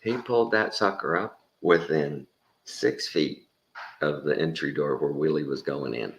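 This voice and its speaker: A man spins a loose, folksy yarn with easy cussing and plenty of tangents. His voice sits extremely low and rumbles with a gravelly fry. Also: unhurried. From Texas. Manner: folksy, rambling, casual swearing, acts out quoted voices. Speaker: storyteller. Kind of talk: casual spoken anecdote.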